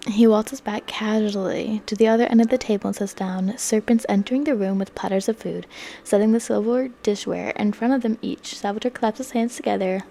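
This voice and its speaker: A young woman narrating a story in soft ASMR whispers. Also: medium pitch, fairly even intonation, fairly quick, gravelly. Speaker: ASMR creator.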